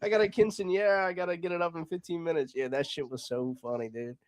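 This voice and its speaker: A man's voice: fairly high pitch, fairly even intonation, fast, no echo, studio quality. A man hosting a casual comedy podcast, laid-back, laughing often and swearing freely. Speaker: podcast host.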